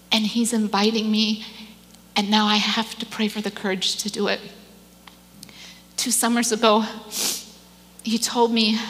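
A woman giving an earnest, emotional personal testimony at church, now and then dropping to a soft whisper. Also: mid-range voice. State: tearful at times. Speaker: church speaker. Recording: long hall reverb.

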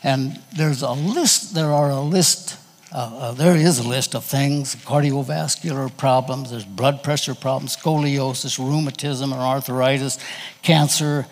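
A man preaching a sermon in a folksy, halting, conversational way, telling personal stories to his congregation. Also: mid-range voice, steady tone, big-room sound.

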